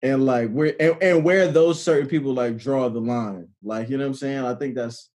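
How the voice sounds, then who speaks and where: A woman's voice: very deep voice, moderate pace, a little mellow. A woman on a podcast, chatting casually with laid-back, laughing reactions. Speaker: podcast co-host. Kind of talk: casual chat.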